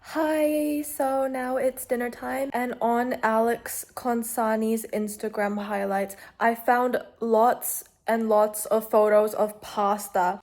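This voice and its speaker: A woman's voice: a little high, a little mellow. A young woman chatting casually to viewers as she cooks and eats, a little sleep-deprived and slurring slightly. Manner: chatty, talks to viewers while cooking and eating. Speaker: vlogger. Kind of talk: casual cooking vlog narration.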